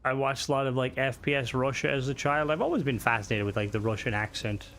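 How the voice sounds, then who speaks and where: A man's voice: mid-range voice, fast, fairly bright tone. A male game streamer chatting casually and profanely with his viewers while he plays. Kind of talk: casual live-stream chat.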